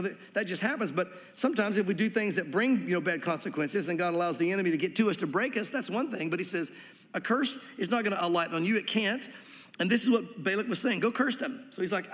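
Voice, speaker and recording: A man's voice: sits high, long reverb tail. A man preaching a sermon as pastor, reading scripture and acting out quoted voices with animation.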